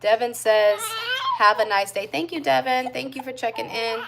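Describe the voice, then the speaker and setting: Chatty young mom with gravelly voice. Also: female voice, on the high side, steady tone, moderate pace, very noisy. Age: young adult. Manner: warm chatty shout-outs, coos baby talk to her infant. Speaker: mom vlogger reading live comments. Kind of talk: casual livestream chat.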